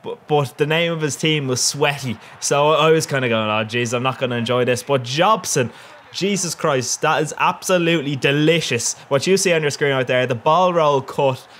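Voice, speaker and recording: A man's voice: a little high, moderate pace, a little hiss or hum. A young man with an Irish accent giving casual, rambling and cheeky commentary over his football video game matches. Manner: rambling and cheeky, with bursts of excitement. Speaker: gaming commentator.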